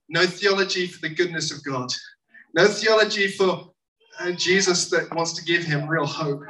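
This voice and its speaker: A preacher telling a story to a congregation in a lively sermon style, acting out the people in it. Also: mid-range voice. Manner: animated, acts out quoted voices. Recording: echoey room, mic at a distance, faint noise.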